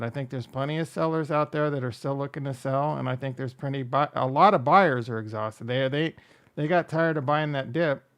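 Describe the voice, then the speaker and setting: A man's voice: mid-range voice, vocal fry, clean tone. A man hosting a casual crypto livestream, rambling and joking as he reacts to chat and runs through coin prices. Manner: rambling, jokey, self-deprecating, reads chat aloud.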